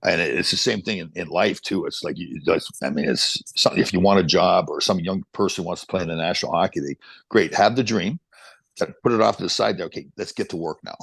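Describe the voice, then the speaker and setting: A man in his sixties, a podcast guest and motivational speaker, telling stories in an energetic, motivational way. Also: low-pitched, fast, gravelly, slightly rough, no echo. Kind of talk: casual chat, storytelling.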